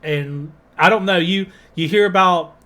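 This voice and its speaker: A man with a Southern US accent hosting a music reaction video, talking in a rambling, excitable way with many fillers. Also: high voice, measured pace. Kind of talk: casual reaction commentary.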